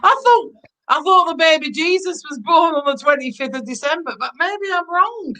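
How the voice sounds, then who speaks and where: A woman guest on a chat show, chatty, playful and animated. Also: extremely high pitch, moderate pace, poor audio. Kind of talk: casual chat.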